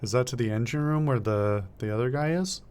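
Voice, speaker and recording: A man streaming a game, reading its text aloud and thinking out loud in a casual way, stumbling now and then over words. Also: medium pitch, a little fast, clear, resonant tone.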